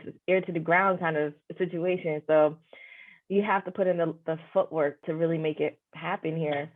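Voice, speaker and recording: A woman hosting a podcast interview, reflective and affirming, often saying "you know". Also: lowish voice. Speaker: podcast host. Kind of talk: conversational interview. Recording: phone-like narrow sound.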